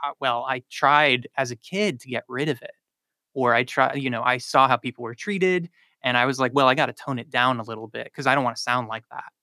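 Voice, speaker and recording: A man's voice: mid-range voice, fairly quick, pushed and bright, dry recording. A man, a linguistics professor, explaining his research on a radio interview with frequent ums and likes.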